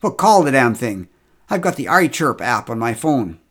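A man voicing a brash, bossy middle-aged woman who talks loudly and impatiently and swears freely. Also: medium pitch, sing-song, moderate pace. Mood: brusque.

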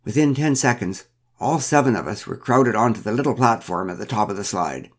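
A man's voice: lowish voice, brisk. A man reading a first-person story aloud with a wry, dryly humorous manner. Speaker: narrator.

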